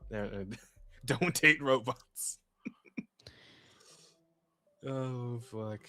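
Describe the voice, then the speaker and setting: A man in casual podcast chat, swearing freely and laughing through his reactions. His voice sits at an ordinary middle pitch, and a little music plays faintly under him. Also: very slow, long pauses, bright, forceful tone. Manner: profane, laughing, loose rambling. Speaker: podcast co-host.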